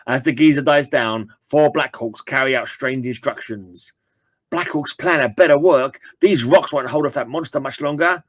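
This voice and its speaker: A man's voice: mid-range voice, moderate pace, a bit bright, dry recording. A man reading an old comic book aloud and dropping chatty asides to his viewers. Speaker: comic book reader and channel host.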